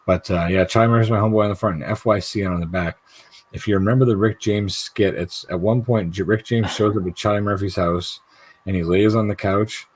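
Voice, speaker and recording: Low husky-voiced man telling stories. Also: steady tone, brisk. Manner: storytelling, swearing, acting out quoted voices. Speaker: livestream co-host. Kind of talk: casual chat.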